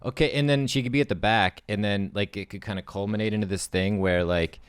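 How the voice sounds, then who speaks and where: A man's voice: fairly low pitch, fairly even intonation, quick pace, clean tone, dry recording. A man in a casual brainstorming chat, laid-back and agreeable, sketching camera shots. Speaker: co-host writing a musical.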